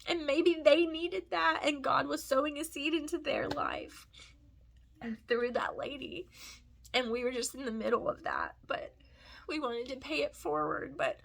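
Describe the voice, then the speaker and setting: A high-voiced woman in her thirties, crying as she talks to her vlog audience. Her voice has a gravelly fry under the tears, and she speaks in an emotional, rambling way, turning often to her viewers. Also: unhurried, a bit bright. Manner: emotional, rambling, addresses viewers as "you guys". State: tearful, crying while talking. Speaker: family vlogger. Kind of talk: heartfelt vlog storytelling.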